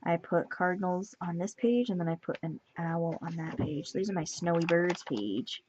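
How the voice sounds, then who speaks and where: A woman with a lowish voice chats her way through her journal pages, rambling and thinking aloud in a relaxed way. She sounds a little tired and sneezy. The recording is muffled and lo-fi, with clear noise running underneath. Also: normal speed. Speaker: journaling vlogger. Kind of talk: casual show-and-tell chat. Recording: dull lo-fi sound with steady background noise.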